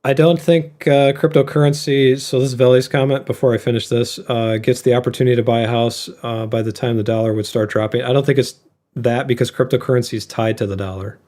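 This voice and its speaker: A man with a dark, mellow voice talks loosely as a podcast co-host. He rambles through his points, with frequent "uh"s and restarts. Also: mid-range voice, steady tone, fast talker. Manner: rambling explanations with fillers and laughs. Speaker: co-host of an investing show. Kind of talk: casual podcast chat.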